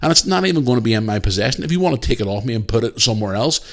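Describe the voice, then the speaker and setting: A man's voice: medium pitch, lively intonation, racing. A Northern Irish man hosting a casual solo podcast, talking animatedly and swearing freely as he retells his week. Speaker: podcast host.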